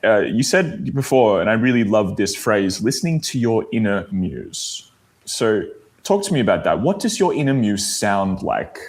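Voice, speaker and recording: A man's voice: lowish voice, moderate pace. A man with an Australian accent hosting a podcast, interviewing an old friend in a friendly, joking way. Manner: friendly, joking, lively questioning. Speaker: podcast host.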